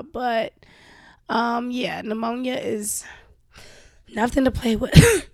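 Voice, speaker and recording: A woman's voice: fairly high pitch, fairly even intonation, takes it slowly, pauses often, darkish tone, no echo. Sick, coughing young woman venting. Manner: venting, profane, addresses listeners as y'all. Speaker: show host. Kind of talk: candid casual monologue.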